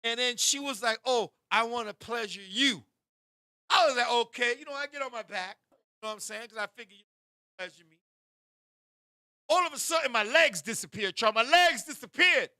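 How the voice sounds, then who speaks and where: A man with a very high, piercing voice tells a bawdy story as a show host. He talks in animated bursts, suddenly shouting and turning to his co-host. The sound is dry and close. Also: brisk, dry recording. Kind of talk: raunchy comedic storytelling.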